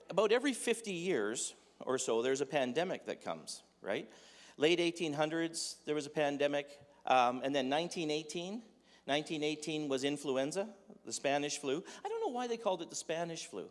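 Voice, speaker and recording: A man giving a humorous sermon in a conversational, joking way, full of rhetorical questions. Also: fairly high pitch. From Dutch heritage. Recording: echoey hall with long reverb.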